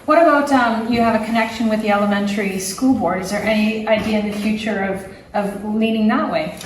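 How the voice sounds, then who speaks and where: A woman's voice: mid-range voice, fairly even intonation, brisk, echoey room, far from the mic, slight background noise, rough recording. A woman interviewing an author in a casual chat, teasing him lightly between questions. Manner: teasing, frequent short backchannels.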